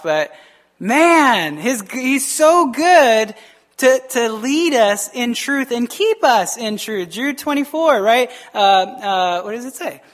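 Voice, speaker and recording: A man's voice: very high-pitched, a bit bright. A male pastor giving an informal sermon that mixes scripture reading with personal testimony, often asking his listeners "right?" in an earnest, plainspoken way.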